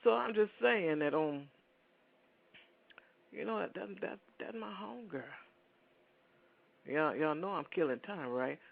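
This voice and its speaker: A man's voice: high-pitched, lively intonation, a little slow, creaky, pauses often, slight background noise. Chatty male radio host, phone-line sound. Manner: rambling, chatty, addresses listeners directly. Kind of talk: casual radio talk.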